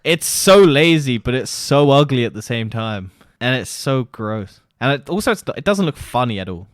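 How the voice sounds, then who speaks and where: A man's voice: medium pitch, lively intonation, normal speed, dry recording, studio quality. A man co-hosting a podcast in casual chat, blunt and scoffing, swearing freely. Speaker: podcast co-host.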